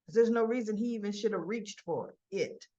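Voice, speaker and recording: A woman's voice: mid-range voice, brisk, mellow, dull audio. A woman giving a casual, chatty recap of soap opera scenes, slipping in asides and quoted dialogue.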